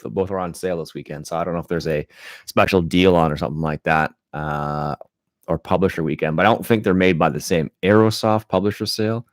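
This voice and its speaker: A man talks low and easygoing to his stream chat. He drifts from thought to thought with plenty of fillers and restarts. His voice sits close and dry, with no room sound. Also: dry recording. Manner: rambling, relaxed, frequent restarts and fillers. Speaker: gaming channel host. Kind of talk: casual live-stream chat.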